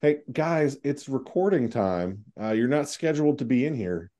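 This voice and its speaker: A man's voice: medium pitch, lively intonation, normal speed, warm tone, lo-fi sound. A man hosting a casual trivia podcast, joking around and swearing now and then. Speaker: quiz host.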